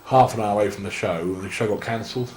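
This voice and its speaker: A very deep-voiced young man with an English accent, chatting loosely through a long anecdote and often circling back to restart his sentences. The sound is roomy and echoey, with a faint hiss underneath. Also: fast talker, a little mellow. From England. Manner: rambling anecdotes full of restarts and laughter. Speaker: interview guest, wrestler. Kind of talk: casual storytelling. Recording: echoey room.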